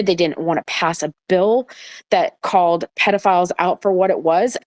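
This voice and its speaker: A woman's voice: medium pitch, darkish tone, no room sound. A woman hosting an online audio chat room, talking bluntly and heatedly in a casual way and swearing often.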